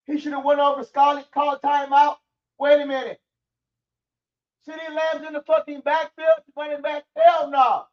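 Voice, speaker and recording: A man's voice: extremely high pitch, monotone, moderate pace, far from the mic, muffled recording. A man ranting angrily and profanely about his football team on a stream. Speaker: sports commentary streamer. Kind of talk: angry sports rant.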